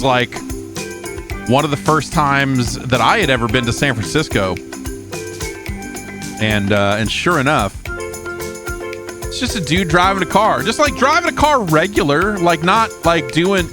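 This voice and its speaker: A middle-aged man hosting a podcast, telling a rambling story in a casual, profane way with animated swings in voice. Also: medium pitch, no room sound, clean studio sound. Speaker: host.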